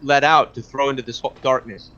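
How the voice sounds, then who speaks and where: Muffled male game master, halting narration. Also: mid-range voice, fairly even intonation, pushed and bright. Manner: halting, many restarts and fillers.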